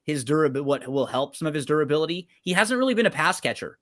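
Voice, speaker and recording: A man's voice: on the high side, lively intonation, fast, a bit bright. A man co-hosting a sports betting show, talking through teams and schedules in a conversational way and often checking in with his partner. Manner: conversational, checks in with tag questions. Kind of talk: casual sports betting analysis.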